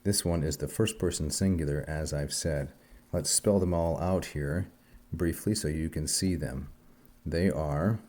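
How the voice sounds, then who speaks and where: A low, mellow male voice gives a recorded Greek lesson. He explains terms carefully and drills word endings aloud in a methodical rhythm. The tone stays calm and instructive throughout. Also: moderate pace. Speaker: Greek teacher.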